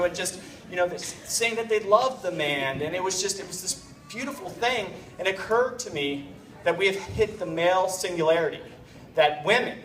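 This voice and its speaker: A man's voice: high voice, fairly bright tone. A man giving a rambling, joking wedding toast as the bride's uncle, heard from a distant microphone in a reception room. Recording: roomy and distant with clear room noise.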